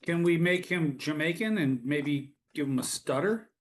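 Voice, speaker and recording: A man's voice: a little high, animated, normal speed. A man co-hosting a live workshop, asking playful questions and cracking jokes. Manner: joking, asks playful questions. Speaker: workshop co-host.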